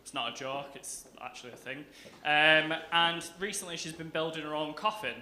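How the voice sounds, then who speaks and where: Speaking at normal speed in a bright, pushed voice on the high side, this young man from Northern England performs stand-up in a club. He's chatty and self-deprecating, laughs mid-set, and acts out quotes, captured with roomy acoustics and light hiss.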